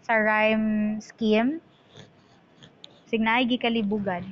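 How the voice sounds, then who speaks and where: A woman teacher talks through a lecture, explaining each term and moving between English and Cebuano. Her voice sits a bit high. The audio is dull and lo-fi, like a laptop recording. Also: fairly even intonation, takes it slowly. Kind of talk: online lecture.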